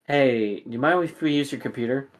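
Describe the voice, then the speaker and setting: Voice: medium pitch, brisk, close to an everyday voice. A man doing a blunt, teasing young tinkerer. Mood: dry teasing. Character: overheated, blunt young adult with split-dyed hair.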